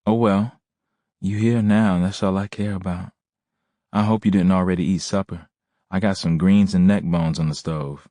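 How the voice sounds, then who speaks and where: A man's voice: low-pitched, fairly even intonation, moderate pace, warm tone, dry recording, clean studio sound, pitched above the performer's own voice, natural voice. A man reading an audiobook, voicing an eager, affectionate young mother with a sweet, familiar manner. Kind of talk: audiobook character voice.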